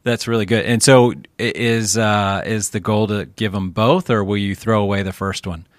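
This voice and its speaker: Encouraging low-voiced male podcast host. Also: steady tone, moderate pace, no room sound, studio quality. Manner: encouraging, affirming. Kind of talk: casual interview conversation.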